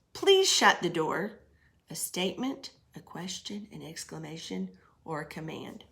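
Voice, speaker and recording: Her voice is lowish and fairly bright as this middle-aged teacher guides young kids through grammar. She takes her time, patiently offering examples and asking them questions.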